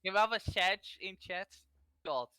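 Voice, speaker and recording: Brief: playful European guest on a gaming stream, very animated delivery. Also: male voice, sits high, clean tone, no echo. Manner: playful, quick to protest. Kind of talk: casual banter while gaming.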